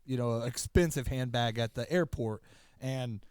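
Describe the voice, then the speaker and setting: A man's voice: mid-range voice, normal speed, darkish tone, clean tone, no room sound. A man co-hosting a podcast in casual chat, telling stories in a rambling, stop-start way. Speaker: podcast co-host.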